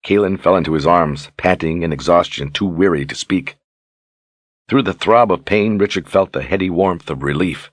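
A man reading a fantasy novel aloud in steady, measured scripted narration. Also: low-pitched, no room sound. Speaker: audiobook narrator.

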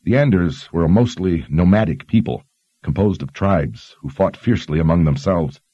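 A man voicing a learned young woman who explains history in a measured, explanatory way. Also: low voice, lively intonation, husky, no echo, muffled recording. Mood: explaining.

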